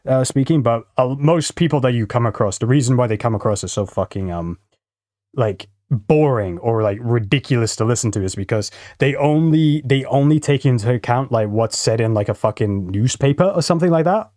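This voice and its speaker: A man's voice: medium pitch, brisk, a little mellow, dry recording, clean studio sound. A man, rambling and swearing freely in casual reaction-stream commentary. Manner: rambling, swearing a lot, frequent laughter.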